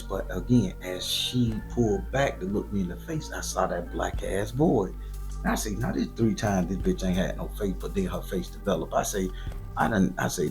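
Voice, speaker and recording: A man from southern Florida hosting his channel, telling a graphic, profane story in loose, slangy, animated monologue. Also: low voice, vocal fry. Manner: profane, slangy and animated, voice jumping up for quoted lines. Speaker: storyteller host.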